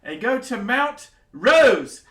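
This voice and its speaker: A man voicing a boisterous, flamboyant male king who makes loud, showy, drawn-out proclamations. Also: very high voice, very animated, reverberant, a crowd in the background, voice pushed up, full character voice.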